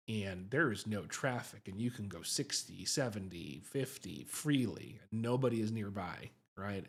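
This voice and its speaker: A man's voice: on the low side, husky. A man, a psychiatrist hosting a livestream, telling a story in a chatty, self-mocking way and often asking "right?".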